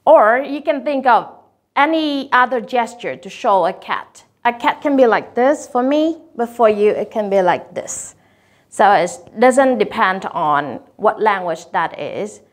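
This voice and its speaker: A woman's voice: on the high side, animated. Woman training teachers. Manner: clear, deliberate, stretches example words slowly.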